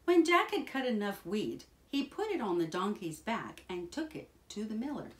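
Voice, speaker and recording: A woman reading a children's picture book aloud in a slow, expressive, sing-song way. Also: mid-range voice. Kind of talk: children's storybook read-aloud.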